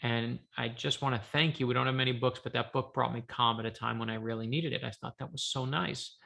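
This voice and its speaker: A man, an author, telling a lively story on a video call from his home office, acting out the dialogue. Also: medium pitch, a little fast, gravelly. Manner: lively anecdotal, acts out dialogue. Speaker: author guest. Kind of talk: animated storytelling.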